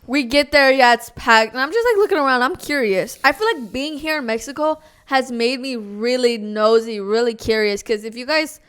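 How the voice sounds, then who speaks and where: A young woman from California chats loosely on a podcast, full of slang, laughs and swearing. Her voice sits a little high and comes through smooth and clear. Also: moderate pace, hardly any pauses, a bit bright. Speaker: podcast co-host. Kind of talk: casual chat.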